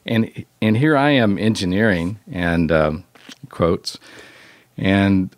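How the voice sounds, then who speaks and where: A man's voice: deep voice, lively intonation, slow pace, no room sound. A man in his sixties, a record producer as a guest, telling rambling, self-deprecating stories with many restarts. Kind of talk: storytelling interview.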